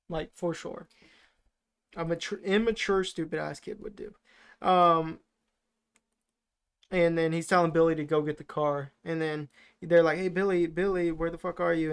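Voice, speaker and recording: A man's voice: fairly high pitch, clean tone. A man co-hosting a podcast, rambling through a casual film recap with lots of fillers and swearing. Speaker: podcast co-host.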